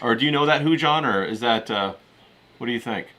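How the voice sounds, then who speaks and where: A man's voice: mid-range voice, fairly quick, bright, forceful tone. A man hosting a casual chat on a video call, asking curious questions of his guests. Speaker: host.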